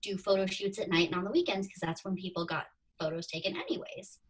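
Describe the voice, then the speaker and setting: This woman speaks quickly, with a breathy edge and medium pitch, sounding distant from the microphone. In her thirties and a guest on a podcast, she casually tells her story and voices the thoughts she once had.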